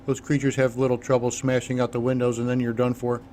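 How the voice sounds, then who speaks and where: A man's voice: mid-range voice, completely flat delivery, fast talker, darkish tone, slight background noise, lightly acted. A man voicing an earnest, talkative engineer who explains things at length. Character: grateful middle-aged male engineer, talkative.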